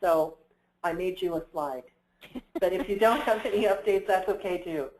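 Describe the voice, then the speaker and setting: A woman hosting a conference call, gentle and reassuring. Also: fairly low pitch, moderate pace, reverberant, slight background noise, poor audio. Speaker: meeting host.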